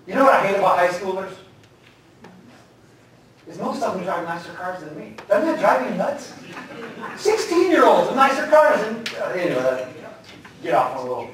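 A man's voice: high-pitched, a little hiss or hum. A male pastor preaching a conversational sermon, telling jokes and stories. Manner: conversational, joking storyteller. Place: church sanctuary. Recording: echoey hall, distant mic.

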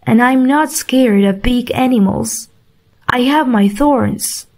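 A woman gives voice to a proud, delicate flower in a slow storybook reading, her voice set fairly high. The words come out unhurried and clear, pleading at first and then curt. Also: a little mellow. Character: proud delicate flower, female, hiding tears.

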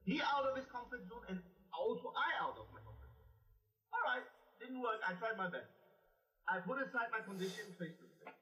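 A man's voice: extremely high pitch, animated, brisk, pushed and bright. A man arguing in a heated online debate, combative and repeating his points. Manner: combative, repetitive. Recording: distant, roomy, dull-sounding audio.

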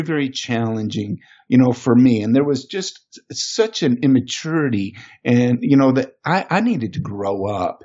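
Male podcast guest with a husky tone telling an emotional personal story over a dull, muffled line. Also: mid-range voice, a little mellow. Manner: earnest, emotional, slows down for weight. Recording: muffled lo-fi recording.

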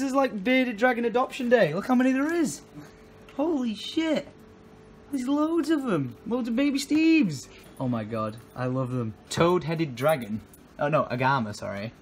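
Vlogger, junger Mann, nordenglischer Akzent, aufgedreht, lebhafte Sprechmelodie, leichtes Rauschen. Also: male voice, high-pitched. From England. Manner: excitable, laughing, quick exclamations. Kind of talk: casual vlog chat. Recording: faint background noise.

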